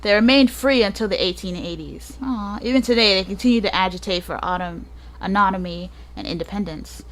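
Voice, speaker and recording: A woman's voice: mid-range voice, brisk, noisy background. A woman hosting a gaming channel, reading a book aloud and breaking off for joking asides, sometimes stumbling over hard names.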